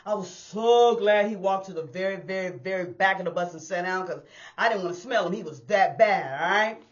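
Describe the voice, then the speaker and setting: A woman who used to drive buses tells a personal street story in a casual, animated way, talking straight to her listeners and acting out the sounds. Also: medium pitch, a little fast, lo-fi sound. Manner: animated, addresses listeners as y'all, acts out sounds. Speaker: storyteller and former bus driver. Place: indoors on a hot day.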